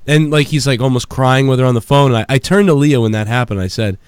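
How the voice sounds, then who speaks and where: A man's voice: medium pitch, fast talker, clear, resonant tone, dry recording. A man hosting a podcast from his home basement, telling long rambling stories full of swearing and laughter. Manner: rambling, profane, laughs a lot. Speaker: podcast host. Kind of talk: casual chat.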